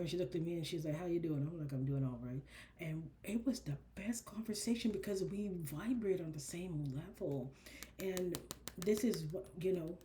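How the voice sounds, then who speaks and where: Lady doing a chatty card reading, lowish voice, calls you baby, bit of hum behind. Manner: animated and chatty, addresses listeners as baby and honey. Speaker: oracle card reader. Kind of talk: casual spiritual card reading.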